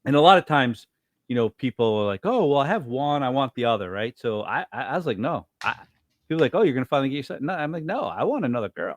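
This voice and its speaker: Middle-aged podcast guy, lively swoopy voice, acts out the quotes, dead dry sound. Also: fast, no echo. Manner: animated storyteller, acts out quotes with big pitch jumps. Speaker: podcast co-host. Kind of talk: casual chat.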